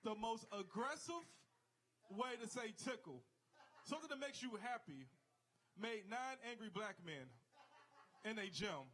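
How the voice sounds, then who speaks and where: Guy doing stand-up at a comedy club, high voice, tells stories and does the voices of everyone in them. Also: animated, unhurried, long pauses, pushed and bright. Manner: storytelling, acts out people with exaggerated voices. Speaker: stand-up comic.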